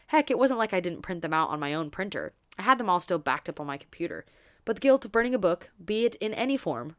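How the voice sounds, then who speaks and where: A woman reading a romance novel aloud for her book channel, expressive and dropping in quick asides of her own. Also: lowish voice.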